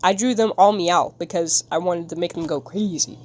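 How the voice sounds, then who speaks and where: A woman's voice: on the low side, moderate pace, a little mellow. A woman streamer chatting casually with her viewers while she draws, giggling and rambling in a silly way. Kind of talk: casual live-stream chat while drawing.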